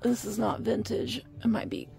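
A middle-aged vintage reseller vlogger chats casually while browsing an antique mall, thinking aloud and reading out prices as she goes. Her voice is a little high and dark-toned with vocal fry, delivered flatly at a moderate pace over soft background music.

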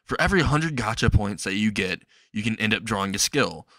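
A man's voice: fairly low pitch, animated, fairly quick, pushed and bright, dry recording. A man voicing a smug, sarcastic magical game system that explains its rules. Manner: sarcastic, matter-of-fact.

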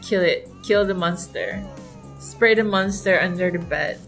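A woman's voice: on the low side, a little slow. A young adult woman hosting a casual gameplay commentary, gushing and exclaiming often. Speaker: gaming channel host. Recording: faint background music.

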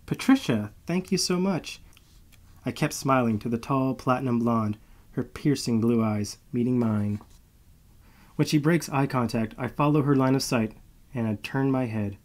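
A man narrating a first-person story in a steady, measured reading voice. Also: medium pitch.

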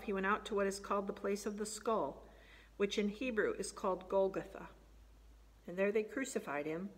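Female scripture reader, dramatic delivery that lifts for quoted speech, long hall reverb. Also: mid-range voice. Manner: raises voice for quoted lines.

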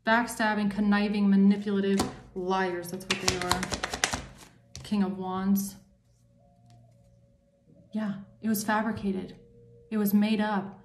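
A woman's voice: mid-range voice, little pitch movement, slow, pauses often, reverberant, soft background music. A woman doing a tarot reading for her viewers, angry and emphatic, swearing often. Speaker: tarot reader.

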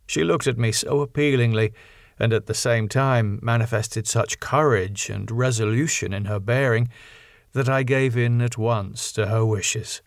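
A man narrating a classic novel as an audiobook, in a measured, even storytelling manner. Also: medium pitch, gravelly, no echo, studio quality. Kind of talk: scripted narration.

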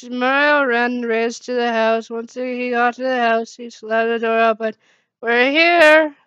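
A woman reads a fan story aloud at an unhurried pace, her voice very smooth and clear, stumbling and restarting now and then. Her pitch sits a bit high but stays flat, and the sound is dull and lo-fi. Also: no room sound. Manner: halting reading with slips and restarts. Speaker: fan fiction reader.

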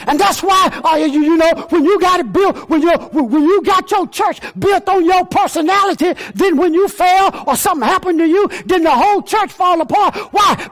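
A pastor delivers a sermon in a church. His voice sits very high for a man, and he often rises to a shout for emphasis. He fills his speech with repeated phrases and hesitations. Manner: preaching with frequent fillers and repeated phrases.

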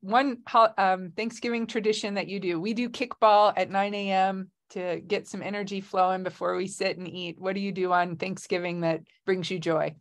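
A woman's voice: mid-range voice, fairly even intonation, moderate pace, hardly any pauses. A middle-aged woman hosting a casual video-call chat from Hawaii, effusive and emotional, often laughing. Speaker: host. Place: home in Hawaii.

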